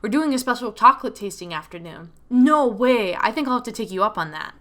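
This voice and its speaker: A woman voicing a friendly, slightly nervous young student in a visual novel, a little higher than her usual voice. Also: animated, brisk, a bit bright. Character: friendly young nonbinary student, shy and sweet. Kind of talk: reading a visual novel aloud.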